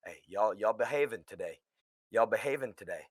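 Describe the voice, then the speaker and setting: A man from the Caribbean chatting with his viewers. He jokes in crude slang, now muttering, now shouting. His voice is bright and sits close in a dry sound. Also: mid-range voice, lively intonation, moderate pace, dry recording. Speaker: guest streamer. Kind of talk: casual chat with stream viewers.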